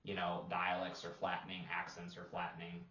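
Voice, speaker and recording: A man co-hosting a casual roundtable talk as an English teacher, rambling and relaxed with lots of fillers. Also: low voice, a little fast, echoey room, muffled recording. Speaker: English teacher and podcast co-host.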